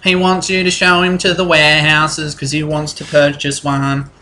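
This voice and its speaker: A man's voice: fairly high pitch, level tone, moderate pace, sharp tone, slight background noise. A man narrating as game master in a tabletop game, rambling and restarting his sentences. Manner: rambling, restarts often, laughs easily.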